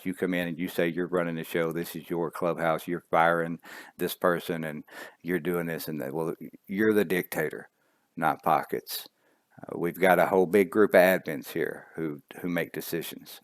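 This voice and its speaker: A man who runs an online racing league, speaking earnestly and emotionally, halting and repeating words as he talks to the members. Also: low-pitched, no echo, clean studio sound. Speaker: league admin. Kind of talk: emotional video statement.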